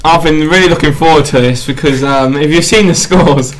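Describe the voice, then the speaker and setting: A man's voice: fairly high pitch, a little fast, slight background noise, rough recording. A man from England, a co-host in casual chat, teasing and playful.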